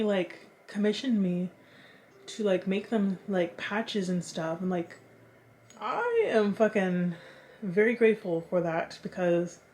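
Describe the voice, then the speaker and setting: Chatty, swearing young woman vlogger. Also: a little hiss or hum. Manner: chatty, swears freely, animated swings in pitch. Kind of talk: casual chat to camera.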